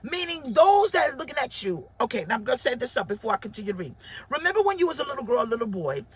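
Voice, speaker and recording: A woman in her forties preaching an animated livestream sermon, calling out viewers by name and raising her voice often. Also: high voice, racing, slightly rough. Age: 40s. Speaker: pastor.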